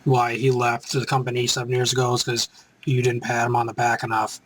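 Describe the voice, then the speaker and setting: A man hosting a live reaction show, excitable and rambling, who breaks into chants. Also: mid-range voice, brisk.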